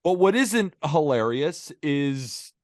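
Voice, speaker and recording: A man co-hosting a sports podcast into a podcast microphone, his voice swinging widely in pitch. He rants in a heated, emphatic way that builds as he goes. The recording is close and dry. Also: very animated, slow, no echo. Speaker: co-host. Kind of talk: casual sports podcast chat.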